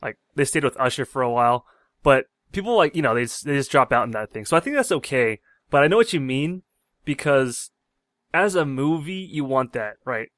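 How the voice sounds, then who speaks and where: A man's voice: medium pitch, lively intonation, a little fast, a bit bright, dry recording. A man with a mid-range voice, recorded dry and close, gives his side of a movie discussion. He is easygoing and hesitant, often restarting his sentences, and sounds like a podcast co-host in casual chat.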